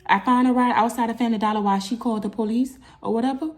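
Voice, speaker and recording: This young woman rattles through a personal story very fast in a casual storytime vlog. She's animated, and upset moments send her voice into loud, high bursts.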